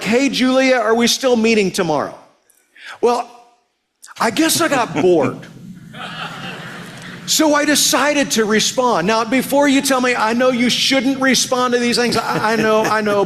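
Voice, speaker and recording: A man's voice: high voice, fairly bright tone. A male pastor preaching a sermon, telling a story with animation and acting out both sides of a text exchange.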